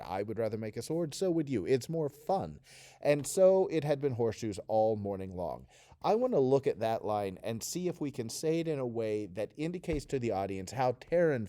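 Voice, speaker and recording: Mellow-voiced male theatre teacher coaching. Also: mid-range voice, no room sound, clean studio sound. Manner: explanatory, coaching students to read along. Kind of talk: recorded oral interpretation lesson.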